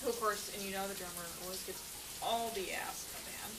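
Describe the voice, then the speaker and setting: A woman's voice: mid-range voice, fairly even intonation, fairly quick. A woman co-hosting a film review chat, recapping the plot with chatty asides. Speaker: film review podcast co-host. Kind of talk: casual chat. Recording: echoey room, distant mic, faint hiss.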